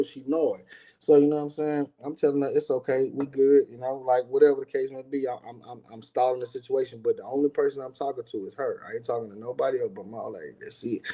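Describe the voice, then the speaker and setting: A man recounting a tense confrontation in loose, casual storytelling. His voice is mellow and dark, with a middle pitch. He acts out what others shouted and peppers his talk with fillers and swearing. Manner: animated, acts out quotes, frequent fillers and profanity.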